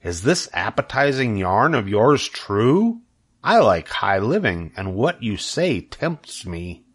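A man voicing a grumpy, greedy male rat in a storybook, grumbling slowly. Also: on the low side, very animated, fairly bright tone, breathy edge, heavily acted. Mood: eager. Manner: grumbling and slow.

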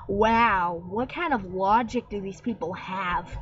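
A young woman with a somewhat high voice rants in a casual vlog. She rambles and mocks with sarcasm. The webcam audio sounds dull and lo-fi. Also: animated, unhurried, hardly any pauses. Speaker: vlogger. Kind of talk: casual rant.

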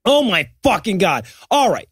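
A man co-hosting a comedy podcast, retelling a film's plot in a profane, animated way with quoted lines. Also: sits high, moderate pace, breathy edge, no room sound. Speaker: podcast co-host. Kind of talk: comedic movie recap chat.

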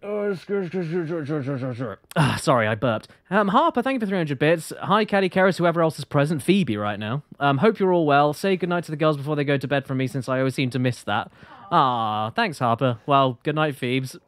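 Male streamer, a touch high-pitched, loose rambling live commentary at a desk mic. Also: lively intonation, fairly quick, no room sound. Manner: chatty, rambling, apologetic, reads chat aloud. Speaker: game streamer.

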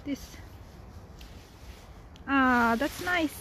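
A woman vlogging live on her phone outdoors in the falling snow, talking casually with excitable, giggly energy. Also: high-pitched, extremely slow. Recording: outdoor noise.

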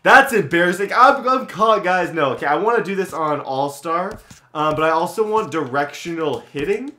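A young adult gaming YouTuber chats casually over his own gameplay, self-mocking and full of filler words. His voice is a little high, animated, pushed and bright, at a normal speed.

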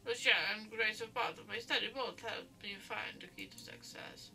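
A woman's voice: medium pitch, fairly even intonation, normal speed, gravelly, sharp tone, far from the mic. A woman doing a cold, sinister asylum doctor. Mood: calm, menacing. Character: sinister male asylum doctor, calm and cruel.

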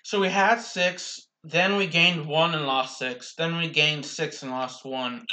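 Slow-talking young man with hiccups. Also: fairly high pitch, sharp tone. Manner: slow, rambling, with restarts. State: has hiccups and coughs. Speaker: gameplay commentator. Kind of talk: casual gameplay commentary.

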